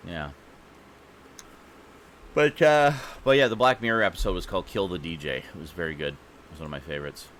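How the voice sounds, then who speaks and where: Male podcast host reading movie news, low voice with a bright edge, a bit tired, faint hiss behind. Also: brisk, long pauses. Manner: reads trailer blurbs aloud, then chats about them. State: tired, yawning.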